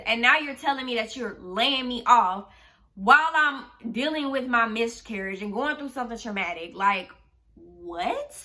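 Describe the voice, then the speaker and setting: A young woman vents in a casual storytime vlog, blunt and sarcastic, with frequent swearing. Her voice sits high and rings very bright. She talks straight to her viewers like a friend. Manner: blunt and profane, venting with sarcasm. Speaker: vlogger telling a story.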